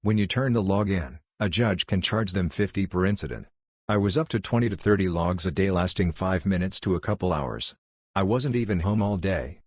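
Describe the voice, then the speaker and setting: A man reading online posts aloud in a flat, even narrating style. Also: sits low, normal speed, breathy edge, no room sound, studio quality.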